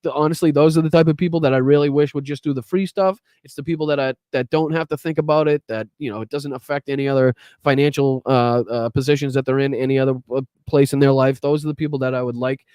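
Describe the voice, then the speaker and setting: Man, Boston accent, podcast host, casual and profane, warm relaxed tone, dry sound. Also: mid-range voice, fast talker, few pauses, smooth, no room sound. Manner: casual, profane, grateful, many fillers. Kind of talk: live stream chat shout-outs.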